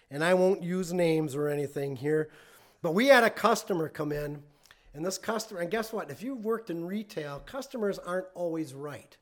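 A man with a notably high-pitched voice delivers a relaxed, conversational sermon. He talks in a folksy storytelling way, chuckling as he goes. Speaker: pastor.

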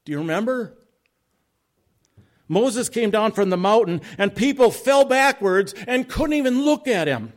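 A man delivers a sermon in a slightly higher-pitched voice. He builds to loud, ringing emphasis, then falls soft and low. Now and then he adds a wry joke at his own expense. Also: lively intonation, measured pace. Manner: self-deprecating asides. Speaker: pastor.

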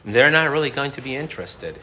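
Animated preaching man, bright echoey voice. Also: mid-range voice, a little fast, slight background noise. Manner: animated, conversational preaching with laughs. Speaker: pastor. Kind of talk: sermon.

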